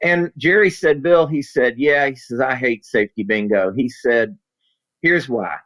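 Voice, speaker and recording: Male consultant, folksy and animated, spins anecdotes in conversation. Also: medium pitch, a little slow, rough recording. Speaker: safety consultant and author. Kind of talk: storytelling in a podcast interview.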